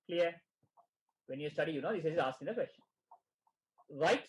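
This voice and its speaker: High-voiced man tutoring, repeating "right?". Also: expressive, normal speed, slight background noise, low-quality recording. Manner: keeps asking "right?" and repeats phrases. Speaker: exam prep tutor. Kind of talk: online teaching session.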